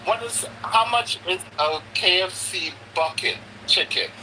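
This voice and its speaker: A man joining a live-stream chat, animated and asking pointed rhetorical questions. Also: high-pitched, unhurried, slight background noise, low-quality recording. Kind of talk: casual chat.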